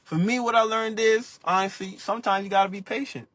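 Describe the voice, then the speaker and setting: With no echo, a young man's high voice comes across a little fast. He's a basketball player guesting on a podcast, keeping the interview casual as he tells stories in laid-back slang and acts out others' lines.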